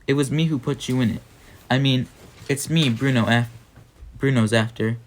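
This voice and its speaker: A man voicing a scrappy, loyal poor city boy, coaxing in quick street slang. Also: mid-range voice, natural voice.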